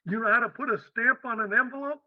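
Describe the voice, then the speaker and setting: A man voicing a gruff, blunt middle-aged male office worker with a New York accent. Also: very high-pitched, fast, no echo, narrow, tinny audio, pitched above the performer's own voice.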